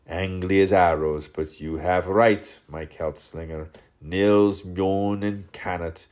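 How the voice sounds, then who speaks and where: A man reading a literary audiobook aloud in a theatrical way, shifting his pitch and loudness between the quoted speakers. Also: slow pace. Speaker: audiobook reader.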